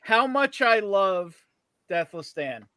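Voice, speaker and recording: A man hosting a relaxed online chat, his voice bright and sharp. He tells stories with a swinging, animated pitch and pushes in to hold the floor. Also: takes it slowly, dry recording. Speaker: host. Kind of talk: casual livestream chat.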